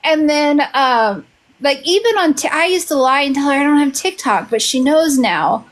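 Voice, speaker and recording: A woman and mother in a casual chat, telling animated stories and quoting her kids. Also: sits high, normal speed.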